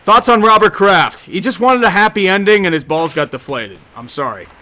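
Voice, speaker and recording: A man's voice: high-pitched, lively intonation, pushed and bright. A young man streaming a game, answering chat in a rambling, sarcastic, joking way. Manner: rambling, sarcastic, quick to joke. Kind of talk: casual live-stream chat over gameplay.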